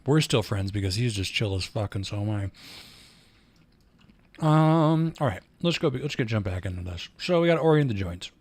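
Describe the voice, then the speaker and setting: A man casually streaming a 3D software tutorial, rambling and swearing freely as he chats with viewers. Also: fairly low pitch, expressive, moderate pace, no room sound. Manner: profane, rambling, easily frustrated. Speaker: streamer and 3D artist.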